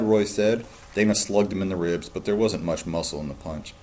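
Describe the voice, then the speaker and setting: Low-voiced man reading a novel aloud. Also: normal speed. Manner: calm, steady storytelling.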